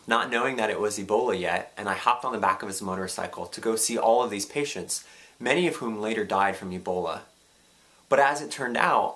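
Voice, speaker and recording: A man in his thirties, a physician assistant, giving an earnest, measured graduation speech. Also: lowish voice, pushed and bright. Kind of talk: prepared speech.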